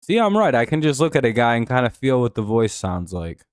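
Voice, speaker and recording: A man's voice: medium pitch, very animated, brisk, clean tone, no echo. A man hosting a live stream, giving laid-back, dry play-by-play and chatting with viewers. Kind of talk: casual game-watching commentary.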